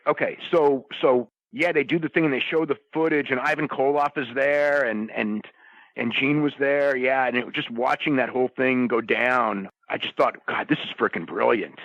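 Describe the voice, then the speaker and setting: A man's voice: medium pitch, steady tone, normal speed, a bit bright, no room sound. A man telling a story in casual chat, rambling, with lots of restarts and "you know"s. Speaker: podcast roundtable guest. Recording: dull lo-fi sound.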